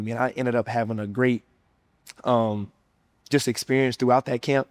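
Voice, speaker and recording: A man's voice: mid-range voice, fairly even intonation, moderate pace, long pauses, no echo. A young man in his twenties, a former college football player, shares his faith testimony in a casual, earnest way, full of "man" and "you know.". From United States.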